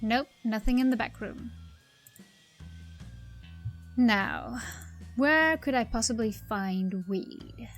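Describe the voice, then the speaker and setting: Woman rambling thru a let's play, thinks out loud, slightly high voice. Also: slow, pauses often, soft background music. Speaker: video game player.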